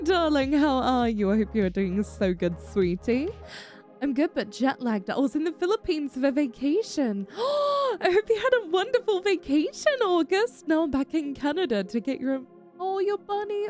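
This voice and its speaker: A woman's voice: high voice, expressive, normal speed, darkish tone, faint music behind. A woman streamer chatting casually with her viewers, affectionate and giggly, calling them darling. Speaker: VTuber streamer. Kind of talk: casual live-stream chat.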